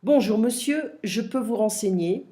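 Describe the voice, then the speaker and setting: A woman's voice: a little high, lively intonation, moderate pace, warm tone, lightly acted. A woman reading a courteous saleswoman. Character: courteous female shop saleswoman.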